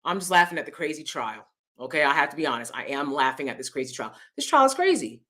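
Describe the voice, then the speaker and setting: A woman hosting her own vlog, talking through celebrity news in a chatty, expressive way and laughing often. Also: very deep voice, fast talker. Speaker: vlogger host. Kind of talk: casual opinion commentary.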